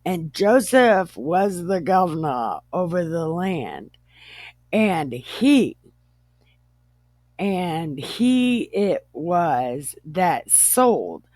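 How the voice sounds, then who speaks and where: A woman's voice: on the low side, a little mellow, no room sound. A woman host retelling a Bible story casually, irreverent and profane, often joking.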